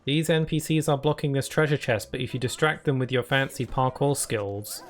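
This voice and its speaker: A British man streams games in a mid-range voice at a moderate pace, with slight background noise. His casual gameplay chat is easygoing and chatty; he laughs a lot and reads the chat and on-screen text aloud.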